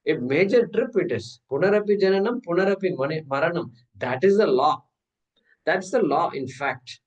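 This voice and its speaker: A man's voice: on the high side, lively intonation, moderate pace, far from the mic, lo-fi sound. A man teaching a scripture class, explaining step by step with rhetorical questions and chanting Sanskrit terms. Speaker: Vedanta teacher. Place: class hall.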